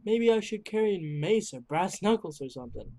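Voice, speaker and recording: A gamer voicing a gentle, folksy middle-aged father in a video game, reading slowly in a lower voice. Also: animated, close to an everyday voice. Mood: fond, folksy. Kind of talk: reading game dialogue aloud.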